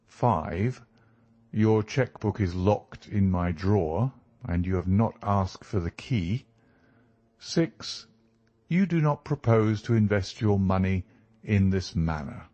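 Brief: cool, superior detective lecturing precisely, low and very slow, read by a man. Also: expressive, dark tone, dry recording, lo-fi sound.

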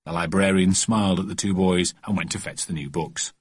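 A man narrating a children's storybook audiobook with a lively, expressive reading. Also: low voice, a little fast, husky.

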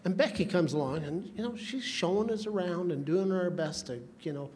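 A man's voice: high voice, moderate pace, darkish tone. A man telling rambling, folksy comic stories as a roaster at a charity roast, teasing the guest of honor. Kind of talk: comedic roast storytelling. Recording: long hall reverb, faint room noise.

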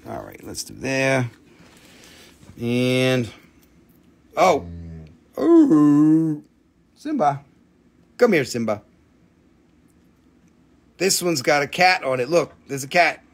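A man's voice: mid-range voice, big pitch swings, takes it slowly, vocal fry, pauses often, fairly bright tone. A man hosting a live online sale, chatting casually in a playful, goofy, joking way. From Appalachian region of the United States. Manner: playful, goofy, jokey wordplay. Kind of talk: casual live auction chat.

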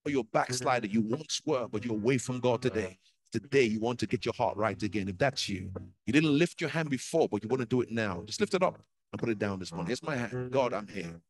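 Male pastor leading a church altar call, urgent and repetitive, mid-pitched voice. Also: animated, fast talker, rough recording.

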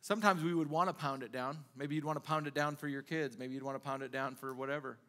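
A man's voice: mid-range voice, steady tone, fast talker, sharp tone. A male pastor preaching a sermon in a conversational way, asking the congregation rhetorical questions again and again.

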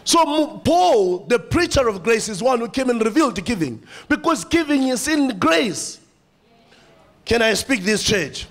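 A man preaching a sermon in church with a South African accent, animated, repeating phrases and calling out to the congregation. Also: very high voice, unhurried.

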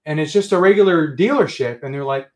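A man hosting a casual livestream, talking excitedly and ranting to his chat. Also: on the high side, brisk. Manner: excitable, ranting, says friggin' often. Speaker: livestream host.

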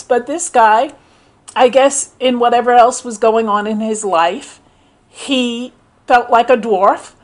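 A middle-aged woman talking casually into the camera, telling stories and acting out the people in them. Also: fairly high pitch. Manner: storytelling, animated, quotes others in voices. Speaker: commentator. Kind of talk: casual spoken commentary.

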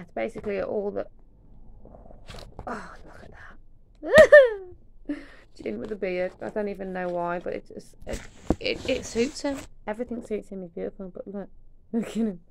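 Young woman, casual unboxing chat, gravelly voice, faint hiss behind. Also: mid-range voice. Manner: chatty, swears, drops into whispers. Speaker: vlogger.

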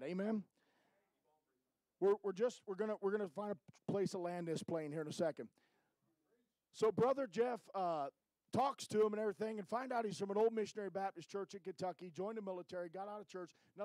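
Middle-aged man, high tenor, folksy missionary report in church, dry close sound. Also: brisk, darkish tone, dry recording, rough recording. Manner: folksy, keeps tagging lines with "amen?".

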